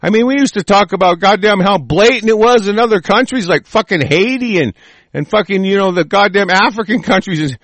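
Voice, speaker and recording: A man with a high, gravelly voice tears into the news in an angry, swearing rant. He often raises his voice to a shout and spits out his words. The sound is dry and close, with no room echo. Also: fairly quick. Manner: furious, profane, shouting rant. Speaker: political commentator. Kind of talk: solo rant reacting to news he reads aloud.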